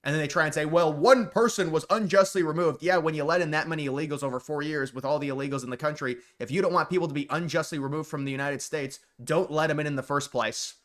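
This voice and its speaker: A man's voice: on the high side, fairly even intonation, quick pace, few pauses, fairly bright tone. A man delivering a casual solo political commentary, rambling with frequent restarts and sarcastic asides.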